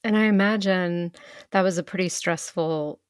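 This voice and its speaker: A woman co-hosts a podcast interview and speaks in a soft, thoughtful way. Her voice sits a little low, and the sound is dry and close. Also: normal speed, smooth, no room sound. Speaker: podcast co-host.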